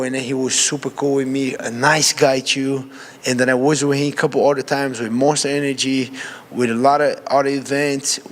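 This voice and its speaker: Brazilian guy, fighter, talks loose and animated, mid pitch, long hall reverb on him. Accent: Brazilian Portuguese. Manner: candid, animated, non-native grammar. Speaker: MMA fighter. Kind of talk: casual interview answer.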